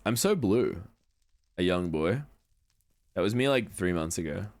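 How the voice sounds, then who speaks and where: A man's voice: low-pitched, lively intonation, a little slow. A young man chatting casually on a livestream, rambling, swearing now and then, and answering chat messages. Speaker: streamer.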